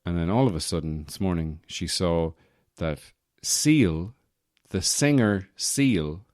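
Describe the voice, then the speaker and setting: A young man hosts a casual solo podcast from his apartment, his voice sitting low in a dry, studio-quality recording. He rambles and jokes, with lots of asides where he corrects himself.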